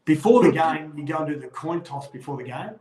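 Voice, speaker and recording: A man's voice: fairly high pitch, a little fast, reverberant, poor audio. A middle-aged Australian man, a former rugby league player, telling stories in a casual chat and acting out the voices of the people he quotes. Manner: animated yarn-spinner, acts out quoted voices.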